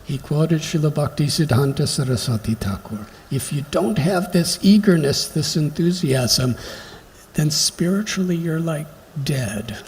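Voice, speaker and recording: A man giving a devotional lecture, telling stories slowly and reflectively with emphatic pauses. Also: fairly high pitch, expressive, darkish tone. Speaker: spiritual lecturer. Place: temple hall during a pilgrimage. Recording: long hall reverb, faint background noise.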